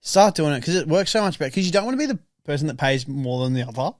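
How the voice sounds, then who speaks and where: Young male co-host: slightly high, animated, teasing and swearing, dry sound. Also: rapid-fire, no room sound. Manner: teasing, swears, asks rambling questions. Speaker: podcast co-host. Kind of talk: casual chat.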